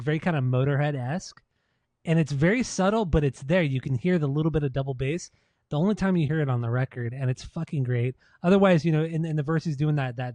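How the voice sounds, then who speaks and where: A man's voice: a little high, a little mellow, dry recording. Enthusiastic, swearing podcast co-host man. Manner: enthusiastic, swears freely, repeats himself. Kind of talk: casual music podcast chat.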